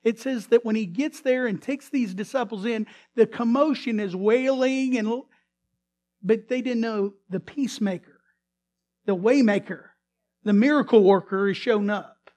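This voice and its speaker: This male pastor, preaching at a slightly slow pace in a high voice, dramatizes a story as he retells it. He keeps restarting and repeating himself, moving back and forth from booming emphasis to near-whispers.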